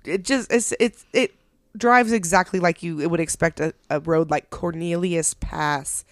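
A woman co-hosting a casual chat podcast, telling parenting stories in an animated way and laughing often. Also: lowish voice, unhurried, no echo, studio quality.

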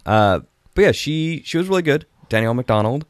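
A man's voice: medium pitch, expressive, brisk, no echo, clean studio sound. Chatty man reviewing a film. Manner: chatty, rambling, laughs often. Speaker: podcast host reviewing a film. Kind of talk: casual chat.

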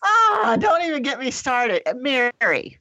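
A middle-aged woman hosting a podcast, talking to her listeners in a chatty, animated way. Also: mid-range voice, moderate pace, no echo. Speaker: podcast host. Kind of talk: casual podcast chat.

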